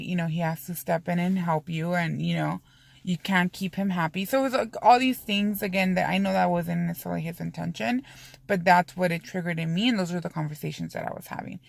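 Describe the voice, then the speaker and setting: Creaky-voiced woman venting candidly. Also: on the low side, brisk, dry recording. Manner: candid, rambling, frequent swearing; heavy use of fillers like "you know" and "um". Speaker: vlogger. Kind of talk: casual confessional vlog.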